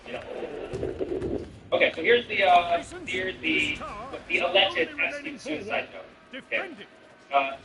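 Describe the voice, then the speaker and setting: A man's voice: sits high, sing-song, unhurried, pauses often, recorded from a distance. A man streaming a game and riffing sarcastically in rambling, filler-heavy talk. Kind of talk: comedic commentary while gaming. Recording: roomy, off-mic, music behind. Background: music.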